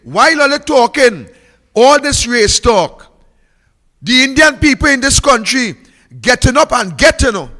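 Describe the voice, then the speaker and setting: A man's voice: very high-pitched, very animated, measured pace, bright, forceful tone, long reverb tail. A Trinidadian man giving a fiery, mocking political speech, repeating phrases for emphasis.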